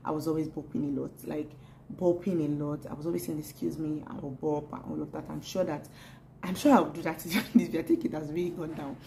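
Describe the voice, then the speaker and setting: A young adult woman chatting casually to camera in a vlog, animated and laughing often, repeating words as she talks. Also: deep voice, fast talker, creaky, slight background noise, poor audio. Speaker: pregnancy vlogger.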